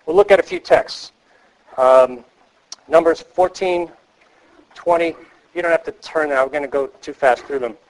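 Pausing often at a moderate pace, a man with a slightly high voice lectures counselors with earnest emphasis. He repeats key phrases and asks the class rhetorical questions, though the audio is poor.

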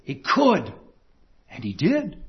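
Husky high-voiced male preacher. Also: huge pitch swings, slow pace, dull audio. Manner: emphatic, repeats key phrases and asks the listeners rhetorical questions. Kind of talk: sermon.

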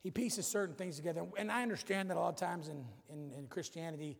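A man's voice: a little high, fast, gravelly. A man preaching a casual, joking sermon in a church, using a puzzle as an object lesson. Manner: folksy and joking, says y'all. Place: church sanctuary. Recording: reverberant church hall.

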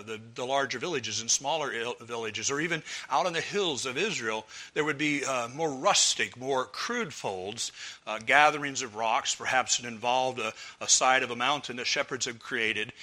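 Bright, forceful preaching man. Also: mid-range voice. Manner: measured, emphatic preaching with pauses and restarts. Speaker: pastor. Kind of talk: expository sermon.

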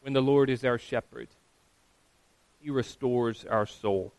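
Man preaching with a smooth, dry voice. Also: mid-range voice, fairly even intonation, slow, a little mellow, dry recording. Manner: earnest preaching, acting out quoted voices. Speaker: pastor. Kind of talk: sermon.

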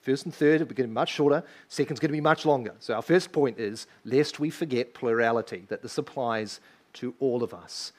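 A man's voice: medium pitch, fairly quick, darkish tone. A man preaching a sermon in church, emphatic and full of rhetorical questions to the congregation. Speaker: pastor.

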